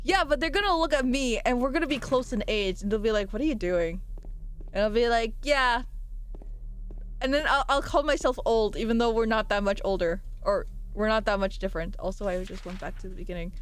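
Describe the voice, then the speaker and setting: A woman's voice: fairly high pitch, quick pace, hardly any pauses, low-quality recording. A young adult woman streamer chatting casually and jokily while gaming, rambling from one thought to the next. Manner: animated, jokey and rambling.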